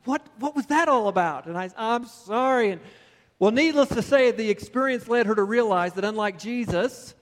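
High-voiced male preacher in a hall. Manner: storytelling, building to emphatic preaching. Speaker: pastor. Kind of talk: sermon with personal story.

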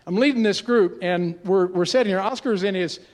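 A high-pitched man in his sixties preaches, telling a story in an animated, conversational way full of restarts. His voice rings out in a big church sanctuary with long, lingering reverb. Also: fairly quick. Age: 60s. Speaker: pastor. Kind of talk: storytelling sermon. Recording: long reverb of a large hall.

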